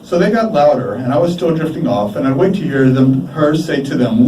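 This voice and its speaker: A man reading his prose live in a bar, measured and deliberate, pausing for effect, his voice animated and rising and falling widely. His tone is mellow and dark, picked up by a distant mic in a roomy space with faint ambience behind. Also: medium pitch, slight background noise. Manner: measured, deliberate delivery with dramatic pauses. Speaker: writer reading his work. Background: faint room ambience.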